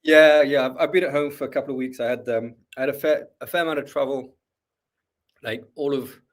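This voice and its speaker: A man's voice: medium pitch, steady tone, brisk. A man chatting as a podcast guest, hesitant, often repeating words and restarting his sentences. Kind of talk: casual interview chat.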